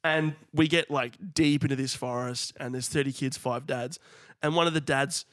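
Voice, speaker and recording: A young Australian man co-hosting a comedy podcast, telling stories in an animated way and laughing often. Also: mid-range voice, normal speed, dry recording, clean studio sound. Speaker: podcast co-host. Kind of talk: casual comedic chat.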